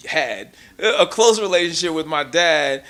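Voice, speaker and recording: A man from the United States talks passionately as an interview guest, pressing his points hard and restarting sentences as he goes. His voice sits a bit high and has a gravelly fry, with a bright, forceful edge. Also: expressive, a little slow. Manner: impassioned, emphatic, stumbling restarts. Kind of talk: casual interview talk.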